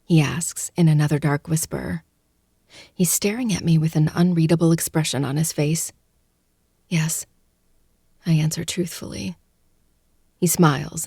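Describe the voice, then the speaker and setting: Woman narrating in a low, gravelly hush. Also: no room sound, studio quality. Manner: hushed, breathy, intimate delivery that often drops to a whisper. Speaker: audiobook narrator. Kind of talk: first-person audiobook narration.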